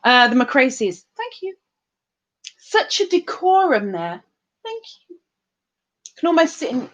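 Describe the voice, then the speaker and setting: A woman's voice: sits high, big pitch swings, slow, fairly bright tone. A woman, hosting a livestream and chatting casually as she reads out and greets viewers' comments in a sing-song, giggly way. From England. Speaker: livestream host.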